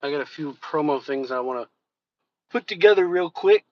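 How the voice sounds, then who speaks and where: Hosting a casual live stream, a reaction-channel host and rapper speaks in a highish voice with lively intonation at a moderate pace. He rambles loosely, addresses viewers directly and drops curses offhand. Faint background noise sits under the dull, lo-fi recording.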